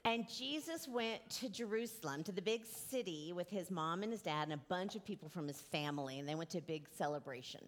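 A woman in her forties giving a children's sermon, gently asking the children questions and drawing them into the story. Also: on the low side, animated, brisk, hardly any pauses. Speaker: children's message leader.

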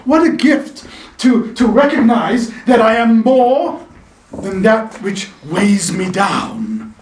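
High-voiced man preaching. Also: takes it slowly, slight background noise. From South Africa. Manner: animated, playful, calls for audience response. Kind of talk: sermon. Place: chapel in the mountains. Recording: echoey chapel, voice from a distance.

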